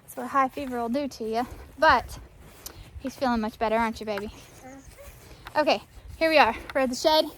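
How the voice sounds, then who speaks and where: A high-pitched woman with a drawl, talking outside on her farm and half-shouting into her phone so she carries without a mic. Faint animal sounds sit in the background. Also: brisk, pauses often, slight background noise. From Florida. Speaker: farm vlogger. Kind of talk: casual vlog narration. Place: outdoors on a farm. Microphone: phone camera, no external mic.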